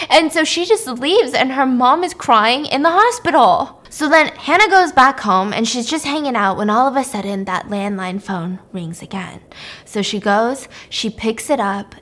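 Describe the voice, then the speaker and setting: A woman's voice: sits high, a bit bright. A young woman hosting a podcast, casually recapping a movie in a chatty, filler-heavy way and swearing often. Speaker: podcast host.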